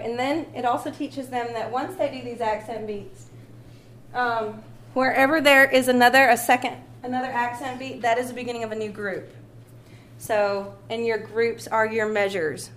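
Woman music teacher, kinda high voice, patient and encouraging, echoey room. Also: steady tone, normal speed, a bit bright. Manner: patient, encouraging, sings short phrases to demonstrate. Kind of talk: classroom music demonstration. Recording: echoey room with faint ambient noise.

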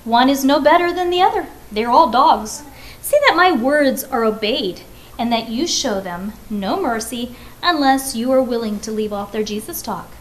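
A woman's voice: fairly high pitch, animated, moderate pace, a little hiss or hum, natural voice. A woman voicing a cruel, gloating male Roman emperor who bellows his commands in a storybook reading. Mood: scornful.

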